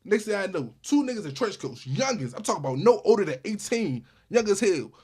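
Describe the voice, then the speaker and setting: Husky fast-talking man telling a story. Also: high voice. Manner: animated retelling with many repeated starts. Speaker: storyteller vlogger. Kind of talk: casual storytime.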